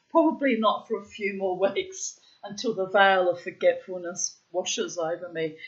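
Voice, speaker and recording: A woman in her late fifties telling a story in a rambling casual monologue, cheeky and self-mocking, laughing often and breaking into squealing high exclamations. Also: normal speed, highs cut off. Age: 50s. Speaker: vlogger.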